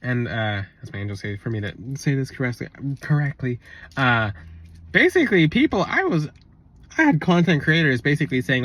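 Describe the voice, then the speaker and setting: A man's voice: mid-range voice, very animated, fairly quick, fairly bright tone. A man talking in a casual spiritual vlog, blunt and rambling, on a close mic. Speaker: spiritual content creator.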